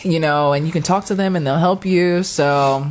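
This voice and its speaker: Woman, low voice, casual storyteller who acts out other people's lines; unhurried chat. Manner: animated storyteller, acts out quotes with high squeals and laughs.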